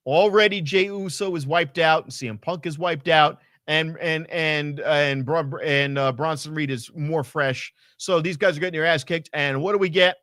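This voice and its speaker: Dude ranting about last night's wrestling, swears a lot, kinda high voice, dry close sound. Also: male voice, dry recording. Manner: animated, profane, rambling with fillers. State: hot and sweaty. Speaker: podcast co-host. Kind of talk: casual wrestling recap chat.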